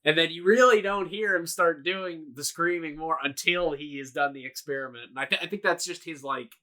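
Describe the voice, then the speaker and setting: A man's voice: a little high, a little fast. A young man co-hosting a podcast, casually discussing movies and acting out lines with laughter. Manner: animated, acts out quoted movie lines with loud yelling and laughter. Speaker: podcast co-host.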